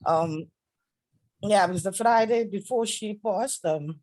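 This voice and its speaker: A middle-aged woman speaking haltingly and tearfully as a grieving mother, heard over a video call. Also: medium pitch, dry recording, low-quality recording. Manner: halting, tearful, soft-spoken. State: crying at times. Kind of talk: emotional conversation.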